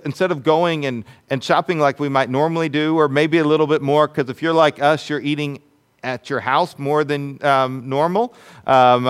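Conversational pastor with hushed dramatic turns. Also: male voice, fairly high pitch. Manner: conversational, many restarts and fillers. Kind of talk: sermon.

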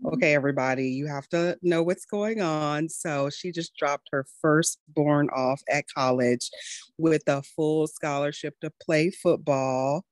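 A woman's voice: low voice, unhurried, no room sound. A middle-aged woman doctor hosting a healthcare podcast, chatty and encouraging. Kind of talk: podcast chat and scripted intro.

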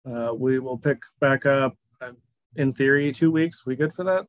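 Game master, male, relaxed and easygoing narration, mid-pitched voice. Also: normal speed, dry recording, poor audio. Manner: laid-back, laughs easily.

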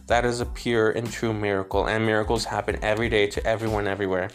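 A man with a fairly low voice talks as a psychic medium, relaying messages in a gentle, stop-and-start way. He repeats himself and laughs softly between thoughts. Faint music plays behind him. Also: flat delivery. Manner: gentle, halting, repeats words often; emotional, laughs between lines. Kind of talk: spirit reading, relaying messages.

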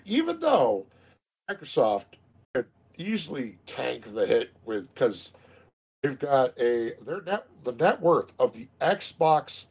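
A man in his thirties talks through gaming news in a loose, rambling way, full of fillers and false starts. His voice is gravelly and husky. His pitch rises and falls with lively swings. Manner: rambling, many fillers and restarts. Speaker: podcast co-host. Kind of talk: casual gaming chat.

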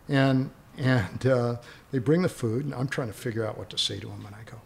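A middle-aged man, a father of a big family, recounting anecdotes in a relaxed group chat. He talks with animation and slips into the voices of the people in his stories. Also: medium pitch, brisk, creaky. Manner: animated anecdote-telling, acts out quoted voices. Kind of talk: casual chat.

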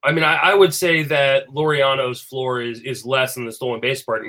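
A man talking fantasy baseball in a casual chat, animated and full of fillers and restarts. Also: medium pitch, normal speed. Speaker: fantasy baseball podcast panelist.

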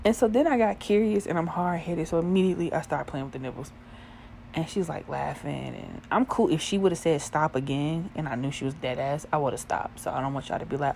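A young woman tells a raunchy story in casual, animated bursts, swearing freely and breaking into laughter. Her voice sits a little low for a woman. A faint background hiss runs under it. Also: moderate pace, gravelly. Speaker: vlogger.

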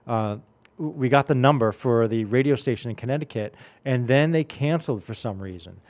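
A man's voice: mid-range voice, brisk, darkish tone. A man in his late forties hosting a radio music show, telling stories in a rambling, casual way full of fillers. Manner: rambling storyteller, many fillers.

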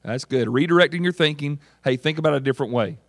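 A man gives a sermon, talking with the congregation as if in conversation and often asking them questions. His voice sits a little high for a man. The sound is dry and close, with almost no room echo. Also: quick pace. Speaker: pastor.

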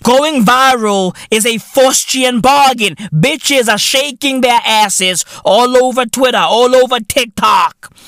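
A man in his thirties hosting a podcast, ranting loudly in a profane comedic style and peppering his lines with "right?" and "bruv". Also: extremely high pitch, slow, hardly any pauses, no room sound, studio quality. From South Africa. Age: 30s. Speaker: podcast host.

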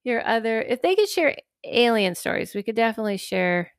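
A woman hosting a podcast in casual chat, rambling with lots of fillers and lively acted-out quotes. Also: fairly high pitch, brisk, dry recording, clean studio sound. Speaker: podcast host.

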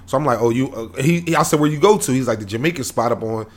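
A man co-hosting a podcast, chatting loosely and profanely. He tells stories with bursts of laughter and sudden yelps that jump high. His pitch sits in the ordinary middle range. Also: rapid-fire. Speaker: podcast co-host. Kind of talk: casual chat.

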